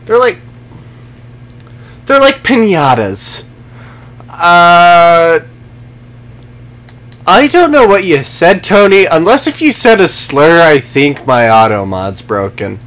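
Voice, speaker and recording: This streamer's voice is a little high and sing-song, slow and full of long pauses, with a fairly bright tone. Playing live, he curses, taunts game enemies sarcastically and talks to viewers.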